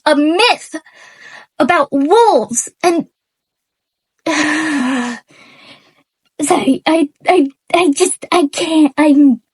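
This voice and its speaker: High voiced woman going off on camera, slow and stammery, mad and almost crying, audio kinda bad. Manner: angry, halting, stammering rant. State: near tears, shaky. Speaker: book reviewer. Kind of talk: unscripted ranting vlog. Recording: mic unplugged, poor audio.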